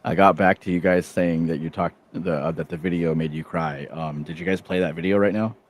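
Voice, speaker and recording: Really deep-voiced guy on a stream, laid back, asks a lot of questions. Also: steady tone, brisk, a little hiss or hum. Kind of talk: casual live-stream talk.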